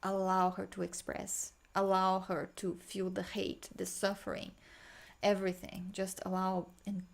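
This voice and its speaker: A woman guiding a healing meditation, talking slowly and softly with sighs, sometimes chanting in an invented language. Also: mid-range voice, completely flat delivery, creaky. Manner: slow, soft, sighing, breaks into chanted light language. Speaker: spiritual healer.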